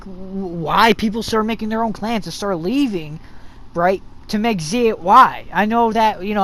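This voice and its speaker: A gaming channel host giving an unscripted, profane rant that rambles with restarts. The host now and then mocks others in shrill put-on voices.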